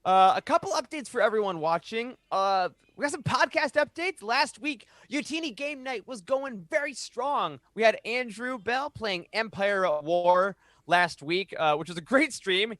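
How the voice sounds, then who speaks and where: A podcast host runs through weekly updates in an upbeat, chatty manner. His voice sits high for a man, and the recording is dry with no room sound. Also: animated, moderate pace, hardly any pauses, a bit bright, no echo. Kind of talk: casual podcast announcements.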